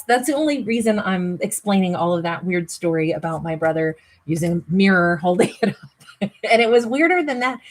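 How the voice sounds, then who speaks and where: A woman with a slightly husky, breathy voice talks through a tarot reading in a loose, conversational way. She rambles, thanks viewers, and laughs easily, wandering off on tangents. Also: lowish voice, rough recording. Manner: chatty, rambling, laughs often. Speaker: tarot reader. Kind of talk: casual tarot reading monologue.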